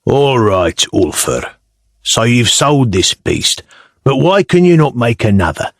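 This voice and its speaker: A man's voice: medium pitch, sing-song, slow, dry recording, studio quality. A male narrator voicing a blunt, grumbling Viking warrior in an audiobook. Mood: gruff.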